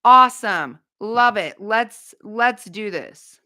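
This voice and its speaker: A woman hosting a casual livestream, chatting bluntly with viewers, with quick asides and no filter. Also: mid-range voice, animated, sharp tone. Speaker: livestream host.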